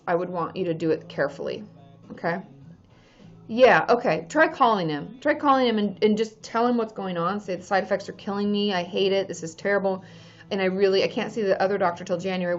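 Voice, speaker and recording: Woman therapist, casual livestream chat, from Washington State, slightly dull sound, faint music behind. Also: lowish voice. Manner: chatty, reads viewer names and comments aloud.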